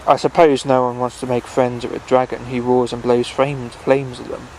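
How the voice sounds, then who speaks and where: A man's voice: mid-range voice, little pitch movement, normal speed, darkish tone, slight background noise, lightly acted, rough recording. A man reading aloud and voicing a sad, lonely male dragon who has lost his roar and talks in a mournful whimper.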